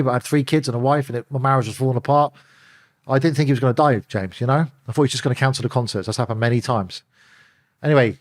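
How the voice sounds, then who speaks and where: A middle-aged man, telling stories as an interview guest and acting out the phone calls he describes. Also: medium pitch. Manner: animated storyteller, acts out phone calls. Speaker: interview guest, former bodyguard. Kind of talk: candid storytelling in an interview.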